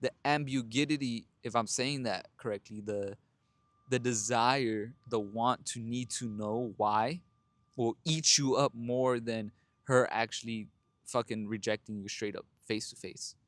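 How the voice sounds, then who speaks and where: A young man talks straight to listeners in a blunt, profane, casual way. His voice sits at an ordinary middle pitch. The sound is close and dry, with no room around it. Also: steady tone, measured pace, a bit bright, dry recording. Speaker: podcast host. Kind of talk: casual monologue.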